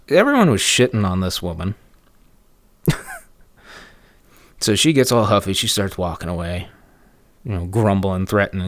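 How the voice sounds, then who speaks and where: A man's voice: low-pitched, expressive, normal speed, long pauses, dry recording. A man casually telling a story in a rambling, snarky way, with chuckling asides.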